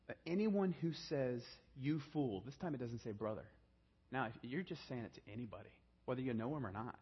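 A man preaching a sermon, swinging from hushed, low emphasis to raised, urgent delivery. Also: animated, a little fast, slightly rough, highs cut off. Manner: dynamic preaching, drops to a hushed low voice then rises. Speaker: pastor.

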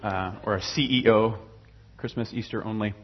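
A man's voice: lowish voice, fairly even intonation, normal speed, muffled recording, a faint crowd, slight background noise. A young adult man casually telling his personal faith story, rambling with many fillers and restarts.

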